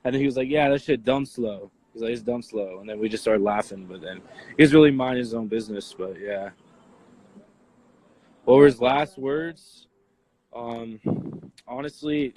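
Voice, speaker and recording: Young adult male eyewitness, casual, filler-heavy rambling, mid-range pitch. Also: moderate pace, a little mellow. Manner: rambling, many "like" and "you know" fillers. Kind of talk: casual recounting interview.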